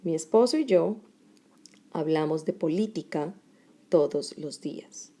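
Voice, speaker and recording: Slow, gravelly-voiced woman teaching grammar. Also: on the low side, dark tone. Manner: slow, deliberate, pausing between short phrases. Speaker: Spanish teacher. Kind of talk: explaining grammar lesson.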